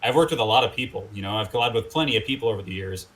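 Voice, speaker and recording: A man talking as a guest in a casual interview, rambling with lots of fillers and animated quotes. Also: lowish voice, rapid-fire, rough recording. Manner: rambling, filler-heavy, animated when quoting people. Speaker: guest musician.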